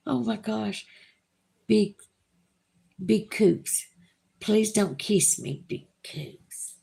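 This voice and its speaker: A woman's voice: mid-range voice, lively intonation, very slow, creaky, long pauses, darkish tone. A woman with a Southern US accent hosting a livestream, reading viewer comments aloud in a gushing, emotional, chatty way. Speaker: livestream host. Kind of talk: casual live chat reading viewer comments.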